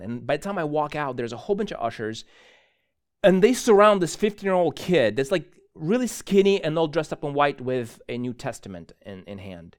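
A man preaching a sermon as a pastor, telling a story in an animated way and often correcting himself mid-sentence. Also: fairly high pitch, a little fast. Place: church.

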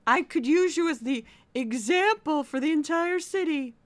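A woman imitating a fussy older female voice teacher with a high, sing-song, affected voice. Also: lively intonation, normal speed. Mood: haughty.

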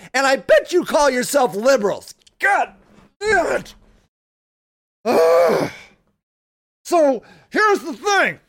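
A woman hosting a solo podcast, ranting angrily and full of profanity, with bursts of shouting. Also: high-pitched. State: angry. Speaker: podcast host.

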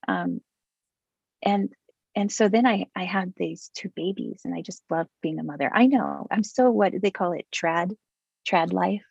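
A middle-aged woman speaking as an interview guest over a video call, candid and quick to joke. Her voice is husky with a gravelly fry and sits a little low. The audio is dull and lo-fi, with a close, dry sound and no room around it. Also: a little mellow, dry recording. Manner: candid, joking, with frequent fillers and laughs. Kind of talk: casual conversation.

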